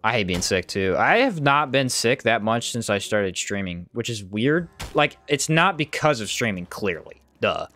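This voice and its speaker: A man livestreams a game, chatting casually with viewers, reading their messages aloud, and reacting to the action as it happens. His intonation is lively and his tone fairly bright, and he talks at a normal speed with hardly any pauses, his pitch jumping up when something surprises him. Soft music plays in the background.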